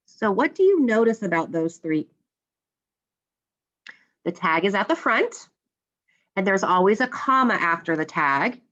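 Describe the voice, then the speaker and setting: A woman's voice: medium pitch, very animated, a little slow, long pauses, a bit bright, muffled recording. A woman teacher explaining a grammar lesson step by step, patiently, and acting out the example lines.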